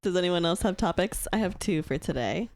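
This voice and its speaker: A woman's voice: fairly low pitch, expressive, a little fast, a little mellow, dry recording. A woman co-hosting a casual podcast, steering the talk to the next topic with short dry remarks. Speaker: podcast host. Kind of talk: casual chat, moderating topics.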